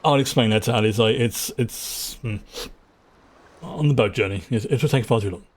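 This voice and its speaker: Casually commentating on a game he's streaming, an English man with a London accent rambles and chats, frequently starting his sentences over. His voice is mid-range, at normal speed.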